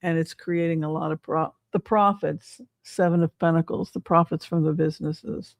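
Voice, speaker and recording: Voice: mid-range voice, steady tone, normal speed, no room sound. An older tarot reader giving a casual reading, rambling and sarcastic, swearing freely.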